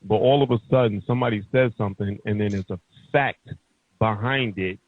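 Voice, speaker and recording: A man's voice: lowish voice, brisk, no echo. Heated man ranting over a tinny line. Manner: heated, profane, emphatic ranting. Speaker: podcast host. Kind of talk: casual ranting chat. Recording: tinny phone-like sound.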